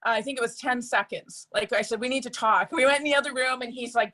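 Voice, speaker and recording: A woman speaks to a group of friends in a personal testimonial. Her voice sits a little higher than most. She talks in a chatty, earnest way and fills her sentences with ums and you-knows. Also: quick pace, a bit bright. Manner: chatty and earnest, with frequent fillers.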